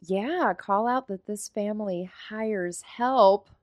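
Woman co-host, middle pitch, animated and jokey, dead-dry room. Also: takes it slowly, no room sound. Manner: chatty, animated, jokey asides. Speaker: podcast co-host. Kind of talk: casual movie recap chat.

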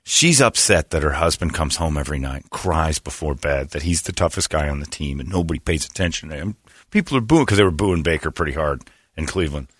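A man from Indiana hosting a sports talk show, mocking and animated, slipping into put-on voices. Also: rumbling low, brisk, breathy edge, no room sound, studio quality. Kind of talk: casual sports banter.

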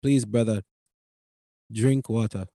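A man voicing an earnest male coffee shop clerk who lectures a customer with slow, caring warnings. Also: high voice, big pitch swings, mellow, dry recording, full character voice.

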